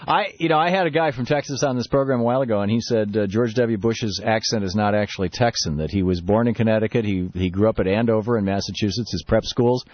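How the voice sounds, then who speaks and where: A man hosting a talk radio show in a relaxed, chatty way, laughing easily. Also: lowish voice, brisk, dry recording. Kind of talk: casual talk radio chat. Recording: dull lo-fi radio broadcast.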